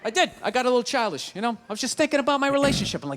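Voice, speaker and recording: Male stand-up, middle-aged, profane ranting storyteller, high and bright. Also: big pitch swings, rapid-fire, few pauses. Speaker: stand-up comedian. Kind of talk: stand-up comedy.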